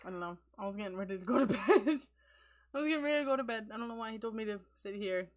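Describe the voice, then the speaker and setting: A woman hosting a casual livestream, chatting and giggling often and cooing at her pets. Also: quick pace. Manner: giggly, coos at her pets in a high baby voice. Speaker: livestream host.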